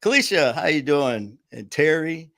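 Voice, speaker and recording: A man hosts a casual talk show, telling a story packed with fillers, laughs and acted-out quotes. His voice is medium in pitch at a moderate pace, with no room sound.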